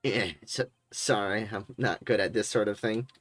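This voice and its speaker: A man voicing a proud young male prosecutor who talks in a stiff, halting, reserved way. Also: lowish voice, fairly bright tone.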